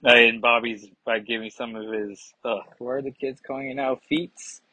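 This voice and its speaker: Husky chatty man reviewing comics. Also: medium pitch, steady tone, normal speed, bright, forceful tone, dry recording. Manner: chatty, rambling, self-mocking. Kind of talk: casual review vlog. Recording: dull lo-fi sound.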